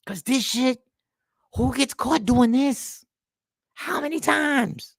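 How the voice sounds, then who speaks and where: A man's voice: extremely high pitch, slow pace, vocal fry, no echo, clean studio sound, pitched above the performer's own voice, exaggerated voice. A man role-playing a fed-up woman who lists her grievances and scolds her partner. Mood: weary. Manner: exasperated, listing grievances.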